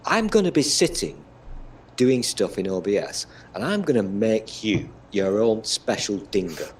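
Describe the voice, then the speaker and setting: A man's voice: on the low side, sing-song, measured pace, a little hiss or hum. A British man in casual chat, swearing freely and bragging in a teasing, mock-boastful way. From Britain.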